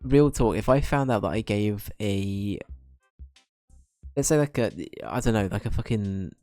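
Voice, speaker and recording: Brief: young guy, lowish voice, jokey casual game-stream chat. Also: dark tone, no room sound, clean studio sound, soft background music. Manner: joking, self-deprecating, quick asides. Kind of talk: casual gaming commentary.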